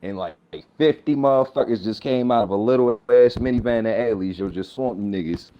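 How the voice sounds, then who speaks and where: A man co-hosting a podcast in casual chat, telling stories in an animated, slangy, emphatic way. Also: medium pitch, fairly quick, lo-fi sound. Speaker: podcast co-host.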